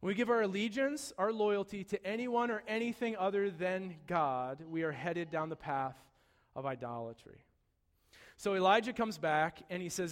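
A man preaching a sermon, retelling a story with humor and shifting from soft, serious moments to loud, excited ones. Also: sits high, normal speed, long reverb tail. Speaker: pastor.

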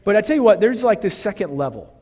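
A man's voice: sits high, very animated, quick pace, warm tone, breathy edge, long reverb tail. A male pastor preaching a sermon in an earnest, conversational way, full of fillers and restarts.

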